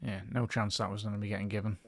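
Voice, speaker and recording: A man's voice: on the low side, little pitch movement, racing, dry recording. A man doing live football commentary on a stream, chatting with his viewers between bursts of play-by-play that lift on attacks. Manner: rises and speeds up on attacking moves. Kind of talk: casual live match commentary.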